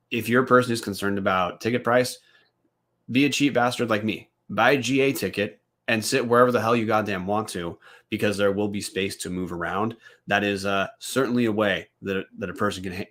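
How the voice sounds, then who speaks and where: A man's voice: fairly low pitch, fairly bright tone. A man co-hosting a college football podcast, breaking down playoff odds bluntly and swearing casually. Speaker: podcast co-host. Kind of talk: casual sports podcast chat.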